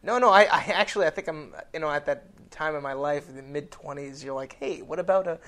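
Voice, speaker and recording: A man's voice: a little high, brisk, fairly bright tone. A young man chatting as a podcast guest, hesitant and self-deprecating, often restarting his sentences while he tells a story. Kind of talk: casual chat, storytelling.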